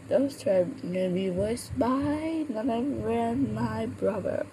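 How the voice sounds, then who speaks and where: A woman's voice: a little high, slow, few pauses. A woman puppeteer chatting casually, with a sore throat from a cold and stumbling over her words. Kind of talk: casual chat. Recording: steady background noise.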